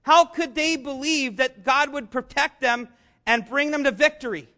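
High, bright-voiced preacher man. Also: normal speed. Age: adult, father of young children. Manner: earnest, rising to shouts on key lines. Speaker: pastor. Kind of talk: sermon.

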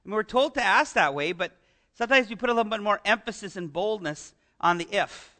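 A middle-aged male pastor delivers a sermon in a lively, conversational way and keeps asking his listeners questions. His voice sits unusually high for a man and sounds very bright and sharp. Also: a little fast. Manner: animated, conversational preaching with rhetorical questions.

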